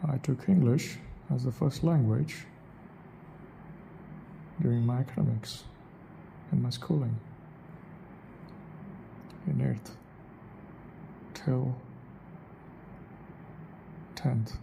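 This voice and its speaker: A man's voice: medium pitch, very slow, gravelly, pauses often, warm tone, a little hiss or hum. A man rambling in a solo vlog monologue, asking himself questions and correcting his own word choices. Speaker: vlogger.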